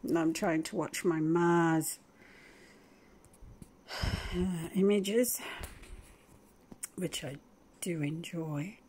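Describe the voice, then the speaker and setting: A woman talking casually at home in a vlog, chatting to her dog and rambling with frequent soft laughs. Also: sits low, drawn-out words, long pauses, slight background noise. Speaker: vlogger. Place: at home indoors.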